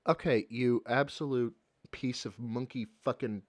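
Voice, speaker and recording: A man's voice: a little high, expressive, moderate pace, darkish tone, dry recording. A Midwestern man reacting on a live stream, exasperated, sarcastic and swearing freely. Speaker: streamer reacting to a podcast clip.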